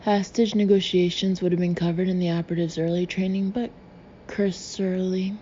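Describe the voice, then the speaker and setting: A woman reads an audiobook in a low, level, measured voice with a warm, mellow tone. The recording is slightly dull, with a faint hiss underneath. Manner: even, measured reading. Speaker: audiobook narrator. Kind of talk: scripted audiobook narration.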